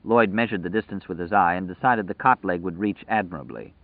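Male audiobook narrator, lowish voice, measured and dramatic, dry tinny phone-quality sound. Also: dry recording.

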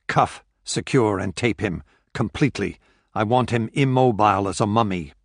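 A man's voice: lowish voice, normal speed, creaky, dry recording. Male reader doing a cold captor figure for an audiobook: raised, clipped orders, dry sound. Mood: curt. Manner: loud commanding calls, clipped orders. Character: ruthless male captor calling across a boat deck.

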